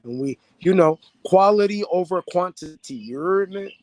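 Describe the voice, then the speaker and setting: A man's voice: high voice, animated, normal speed, a little mellow. A young man talking casually and profanely to his viewers, streetwise and repeating himself. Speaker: vlogger.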